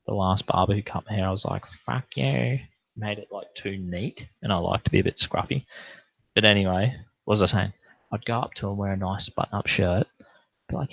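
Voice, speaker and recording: A man's voice: lowish voice, gravelly, fairly bright tone, slightly rough, dry recording. A young Australian man in a casual late-night livestream, rambling, laid-back and full of swearing. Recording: dull lo-fi stream audio.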